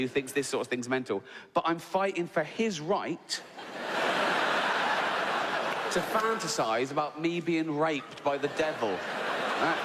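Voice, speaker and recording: Guy doing stand-up in a big echoey hall, acting out voices, crowd noise behind. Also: mid-range voice. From England. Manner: animated storytelling, acts out voices. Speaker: stand-up comedian. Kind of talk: stand-up routine. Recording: reverberant hall, audience noise.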